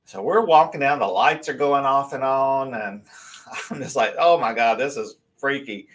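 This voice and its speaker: A man, telling a story as a guest on a live talk show, animated and rambling, with many restarts. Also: mid-range voice, normal speed.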